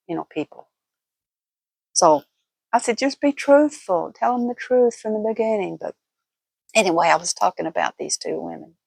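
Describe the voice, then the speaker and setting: A woman's voice: on the low side, gravelly, breathy edge, no echo. Older woman, folksy and chatty. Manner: chatty, folksy, laughs often. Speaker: vlogger. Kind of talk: casual storytelling vlog.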